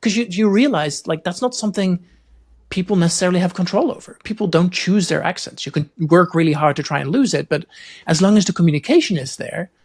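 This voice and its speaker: A man hosting a podcast interview, chatting casually and thinking aloud with animated quoted asides. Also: high-pitched, fast talker. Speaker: podcast host.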